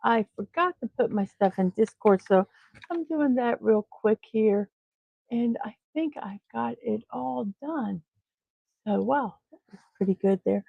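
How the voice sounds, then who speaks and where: A woman hosting a casual morning livestream, with a somewhat high, gravelly voice. She chats in a scattered way and narrates her own steps as she goes. The sound is tinny, phone-like and dry. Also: lively intonation, a little slow, no room sound. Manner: chatty, scattered, talks herself through tasks. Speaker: host of a daily morning livestream.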